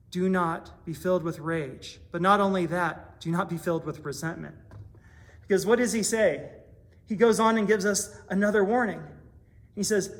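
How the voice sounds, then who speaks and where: Male pastor, light high voice, earnest sermon delivery built on rhetorical questions. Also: fairly bright tone. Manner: earnest preaching with rhetorical questions and everyday examples.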